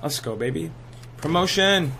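A young man giving excitable, trash-talking live commentary over his own gameplay, full of gamer slang. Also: fairly high pitch, moderate pace, gravelly, slight background noise. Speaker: gaming channel host.

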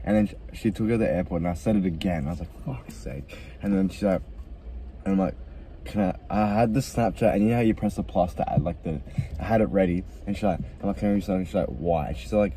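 A man's voice: sits low, fast talker, dark tone, slight background noise, poor audio. A young man, chatting casually with friends and laughing as he retells a story. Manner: laughs often, retells stories with quoted lines. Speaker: co-host. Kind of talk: casual chat. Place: in a car.

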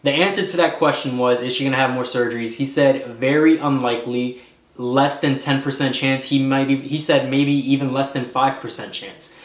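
A man's voice: mid-range voice, steady tone, normal speed. Earnest man in an echoey room. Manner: earnest, emotional, rambling. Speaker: vlog co-host. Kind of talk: casual couple vlog chat.

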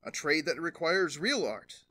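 A man voicing an old tailor father in a storybook reading, high and exclaiming. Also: very animated, a little slow, pushed and bright, exaggerated voice. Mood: pleased. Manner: exclaiming, incredulous.

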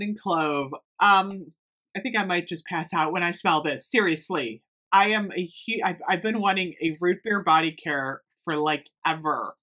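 A woman reviewing scented products in an excited, gushing chat, gasping and saying "oh my gosh" often. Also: on the low side. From United States. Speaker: beauty haul vlogger.

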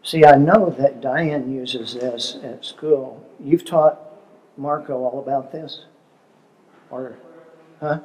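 A man's voice: mid-range voice, fairly even intonation, takes it slowly, pauses often, warm tone, low-quality recording. An older man speaking as a seminar presenter, telling stories in a conversational way and asking the audience questions. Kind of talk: relationship seminar talk.

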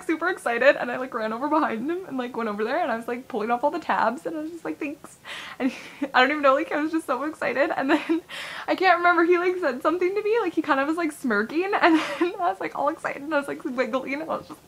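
A young woman chats through a long story in a casual vlog. She rambles, fills it with "like" and swears freely. Her voice sits a bit high and breaks into squeals when she gets excited. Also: fast. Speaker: vlogger.

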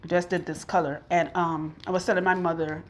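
In a home hair salon, a female loctician vlogger keeps up easy chatter with her audience as she works on a client's hair. Her lowish voice stays level and brisk, though she's out of breath now and then.

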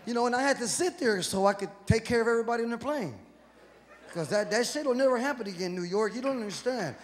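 High-voiced profane male comedian from Texas. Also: fast. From Houston, Texas. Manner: profane, animated, acts out voices. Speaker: stand-up comedian. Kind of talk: stand-up comedy. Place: live comedy venue with audience. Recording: echoey hall with crowd noise.

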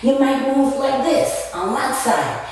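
A woman teaching children a movement lesson, chanting in call-and-response with a slow, sing-song delivery and animal sounds. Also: high voice, big pitch swings. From Miami area. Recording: echoey room, distant mic, faint noise.

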